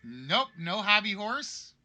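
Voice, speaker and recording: A man's voice: high-pitched, sing-song, slow, sharp tone. A man hosting a live-streamed game show, chatty and joking as he reads out players' guesses.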